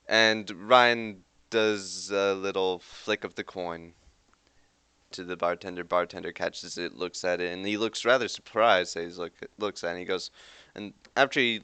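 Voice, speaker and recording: A man's voice: low voice, pushed and bright, clean tone, no echo. A young man running a tabletop game as game master, narrating loosely with lots of "like". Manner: rambling with frequent "like" fillers.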